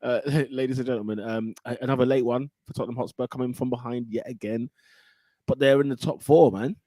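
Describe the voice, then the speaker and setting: Laughing football podcast host. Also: male voice, medium pitch, fairly even intonation, a little fast, dark tone, dry recording. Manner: laughs often while running through scores. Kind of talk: casual football chat.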